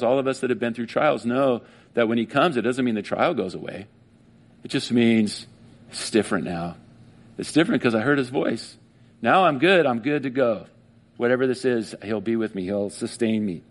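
A man of medium pitch speaks at normal speed, preaching a sermon in which he emotionally retells a story. As a pastor, he animates the tale by acting out its characters' voices.

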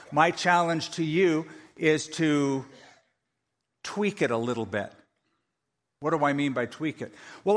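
A man delivers a sermon from the pulpit, animated and humorous as he mimics how people pray. His voice sits slightly high for a man, and it rings out with the long reverb of a large sanctuary. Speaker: pastor. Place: church sanctuary.

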